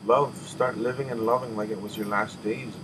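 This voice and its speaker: A man giving an emotional personal testimony, halting and restarting often, with sighs as he catches his breath. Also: on the low side, fairly even intonation. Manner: halting, with many restarts and repeated words. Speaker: person telling a spiritual testimony. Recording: audible background noise.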